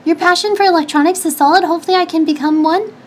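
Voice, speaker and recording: Young woman, high voice, casual stream chat, rambling, giggly, lots of fillers. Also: steady tone, quick pace, slight background noise. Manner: chatty, rambling, giggly, many fillers and restarts. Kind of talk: casual stream chat reading viewer questions.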